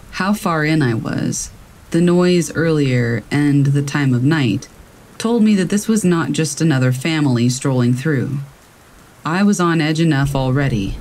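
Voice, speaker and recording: A man narrating true scary stories in a slow, measured storytelling manner. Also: a little high, a little mellow, poor audio. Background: rain.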